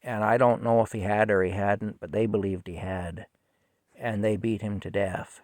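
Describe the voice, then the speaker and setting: A middle-aged man tells a personal story in a halting, rambling way that turns emotional. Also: on the low side, steady tone, darkish tone, no echo. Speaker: vlogger telling a personal story. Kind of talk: casual storytelling monologue.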